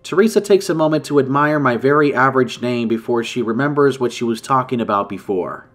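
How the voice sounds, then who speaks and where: Male horror storyteller, mid-pitched and steady, quiet music bed. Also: fairly quick, few pauses. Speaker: narrator. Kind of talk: scripted horror story narration.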